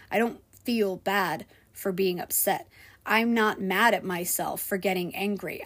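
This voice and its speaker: In a vlog, a restaurant server speaks openly about a personal experience, her slightly rough mid-range voice shifting between loud frustration and quiet, hushed passages.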